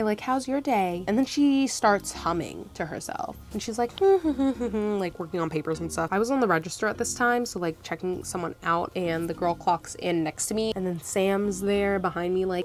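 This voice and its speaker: A woman's voice: medium pitch, a little fast, few pauses, a little mellow. Young woman, casual storytime vlog, frank and chatty, swears freely, faint music underneath. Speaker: vlogger.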